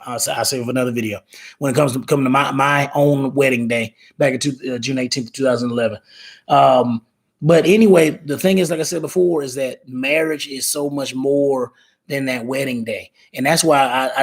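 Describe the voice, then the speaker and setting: A man's voice: mid-range voice, breathy edge. A man in his thirties hosting a casual live stream, talking in a rambling way, repeating words and reading viewer comments aloud. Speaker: live show host.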